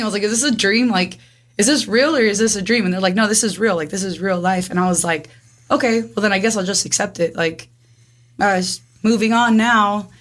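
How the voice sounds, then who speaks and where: A woman in her twenties telling her own story in casual chat, rapid and animated, acting out what everyone said with lots of "like". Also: mid-range voice. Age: 20s. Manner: rapid, animated, acts out dialogue with frequent "like". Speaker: guest.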